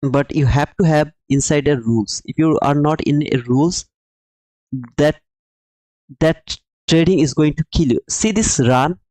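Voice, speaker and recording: Emphatic, higher-voiced male trading streamer. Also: a little slow, darkish tone, dry recording, low-quality recording. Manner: emphatic, repeats himself, calls viewers brother. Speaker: livestream trading host. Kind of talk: live-stream market commentary and chat replies.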